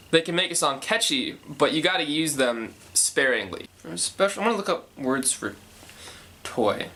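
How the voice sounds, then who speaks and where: A man's voice: mid-range voice, bright, forceful tone. A young man casually talking through how he writes a song, thinking aloud and correcting himself as he goes. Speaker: songwriter explaining his process. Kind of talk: casual songwriting talk.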